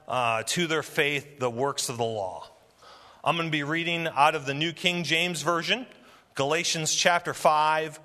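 Male pastor, deliberate sermon delivery, slightly high, reverberant sanctuary. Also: bright, forceful tone. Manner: slow, deliberate preaching with emphatic rises. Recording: long hall reverb.

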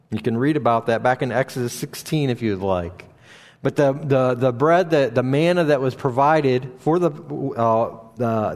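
A man preaching a sermon and reading scripture aloud, often restarting his sentences, and going higher in pitch when he stresses a point. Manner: halting, with frequent restarts and fillers; rises in pitch for emphasis when paraphrasing. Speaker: pastor. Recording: long hall reverb.

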